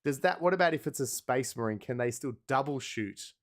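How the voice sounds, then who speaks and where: A man's voice: mid-range voice, expressive, a little fast. An Australian man co-hosting a casual podcast, chatty and self-deprecating, who laughs easily. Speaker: podcast co-host. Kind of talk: casual chat.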